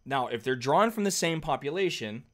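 A man's voice: on the high side, animated, normal speed. A man teaching a math lesson at a whiteboard, conversational and patient, often checking in with the class. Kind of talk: whiteboard lecture.

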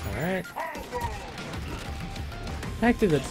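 A man streaming a fighting game, casually talking through his moves to the chat and muttering to himself between bursts of excitement. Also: sits high, slow. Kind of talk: casual live stream commentary. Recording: music playing behind the voice.

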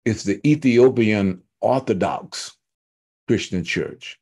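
A man teaching a church Bible study, retelling scripture in loose everyday speech with humorous asides and emphatic, slowed-down stresses. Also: a little high, expressive, darkish tone. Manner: fired up and emphatic, slowing to stress key words.

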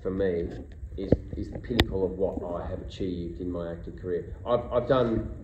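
An Australian man in casual chat as a guest actor at a convention panel, telling animated anecdotes and acting out quotes. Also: normal speed. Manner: animated storyteller, acts out quotes in a high voice. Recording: roomy hall, dull lo-fi sound, noisy.

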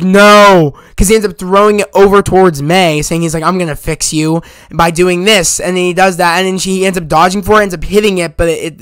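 High-voiced man rambling through a review. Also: clear, resonant tone, no echo. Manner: rambling, emphatic retelling with many fillers and casual swearing. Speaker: movie reviewer. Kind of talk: casual spoken movie review.

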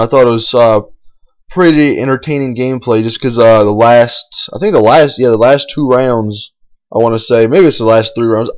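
A man giving casual voice-over commentary on his own gameplay, rambling and boastful, swearing freely and full of fillers and restarts. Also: mid-range voice. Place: voice-over recorded over game footage.

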